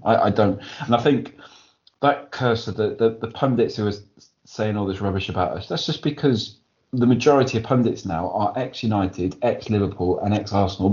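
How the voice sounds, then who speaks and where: A man talks in a low register, his chat full of passion and rising excitement. The sound is a little muffled and lo-fi, like a home podcast setup. He rushes to make his point. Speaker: podcast co-host. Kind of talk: casual chat. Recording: dull lo-fi audio.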